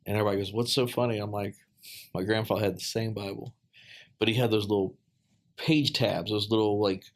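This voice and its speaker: A man with a fairly low voice tells a personal story in relaxed podcast conversation. He speaks earnestly and haltingly, restarting phrases and filling pauses with ums. His voice often drops soft and quiet.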